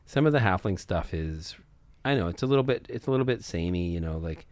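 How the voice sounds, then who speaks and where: Deep-voiced man, earnest casual chat. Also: expressive, quick pace, no echo. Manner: earnest, hesitant with ums. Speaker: podcast co-host, game master. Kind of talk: casual chat about tabletop games.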